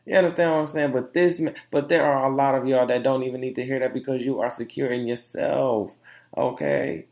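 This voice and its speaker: A young man hosting a podcast, telling a story in a casual, animated opinion monologue full of slang and laughter. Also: mid-range voice, a little fast. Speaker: podcast host.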